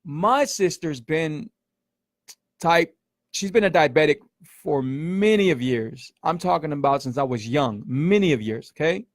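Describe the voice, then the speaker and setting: With a slightly high voice and studio-quality sound free of room noise, a middle-aged man hosts a casual livestream as a keto coach. He speaks with emphasis, repeats himself, and peppers his talk with "man" and "y'all."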